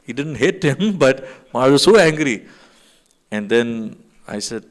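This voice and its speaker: A man's voice: mid-range voice, animated, a little slow. A man telling a personal story to a temple gathering, in a rambling way full of fillers, acting out what others said. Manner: storytelling with many fillers, acts out quotes. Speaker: devotee sharing memories. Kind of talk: anecdote to a gathering. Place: temple hall.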